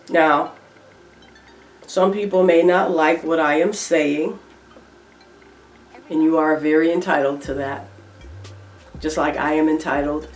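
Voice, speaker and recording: A middle-aged woman, a reaction vlogger, delivers emphatic and repetitive opinion commentary with features. Her deep voice has a slight brightness, and she sits off-mic and far from it in an echoey room.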